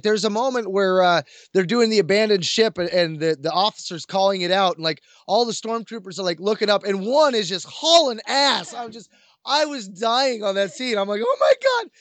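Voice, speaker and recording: A man's voice: sits high, fairly bright tone, dry recording. A man co-hosting a casual podcast discussion who talks enthusiastically, with many fillers and restarts. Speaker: podcast co-host.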